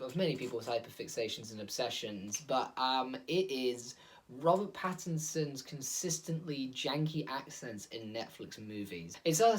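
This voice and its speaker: A man hosting a casual solo monologue, rambling and digressive, full of fillers and laughs, recorded on a phone. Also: mid-range voice. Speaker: host.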